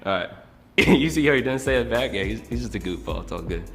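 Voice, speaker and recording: A laid-back man jokes casually in a played video clip. Music sits clearly behind his voice. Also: medium pitch, expressive, quick pace, fairly bright tone.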